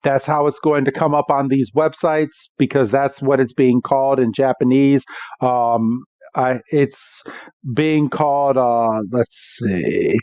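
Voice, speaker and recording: A man's voice: medium pitch, steady tone, takes it slowly, darkish tone, no room sound. A man hosting a podcast, casually recapping an episode in a rambling way with many restarts. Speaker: podcast host. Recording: dull dry lo-fi.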